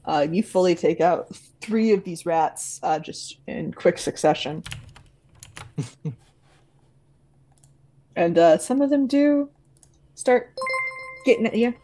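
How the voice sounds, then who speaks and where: A woman running a tabletop role-playing game as game master, laughing often and slowing down to narrate the action. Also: on the low side, expressive, mellow, slight background noise.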